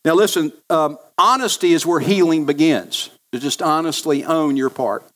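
A man's voice: a little high, measured pace, hardly any pauses, a bit bright. A male pastor preaching a sermon, earnest and repeating key phrases for emphasis.

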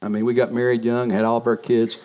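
A man's voice: medium pitch, flat delivery, fast, a little mellow. A middle-aged man preaching a sermon, telling family stories and acting out the voices in them. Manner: storytelling, acts out quoted voices of family members. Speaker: pastor.

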